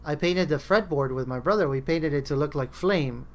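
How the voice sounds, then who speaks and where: A podcast host with a slightly high voice chats casually at a moderate pace. He rambles through stories and acts out his friends' lines as he tells them.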